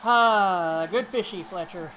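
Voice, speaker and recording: A woman's voice: mid-range voice, slow, fairly bright tone. Playful woman commenting on a game. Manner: playful, reads game dialogue aloud in put-on voices. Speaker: let's play host. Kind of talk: casual gameplay commentary.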